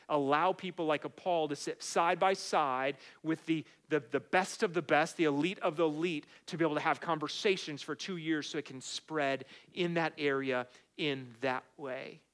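A middle-aged man delivers a sermon in an easy, conversational way, slipping into personal anecdotes as he goes. His voice sits a touch higher than most men's. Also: a bit bright. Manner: conversational preaching with storytelling asides. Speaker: pastor.

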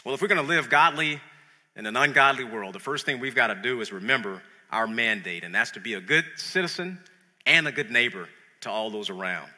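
A man preaching a sermon in an animated, conversational way, often repeating words as he builds a point. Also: mid-range voice, fairly quick, long reverb tail.

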